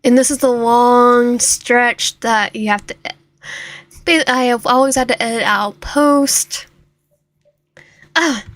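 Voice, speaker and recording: A woman streaming a visual novel, reading its narration and dialogue aloud with lively reactions, now and then dropping to a whisper. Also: fairly high pitch, slow, pauses often. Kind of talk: reading game text aloud while playing.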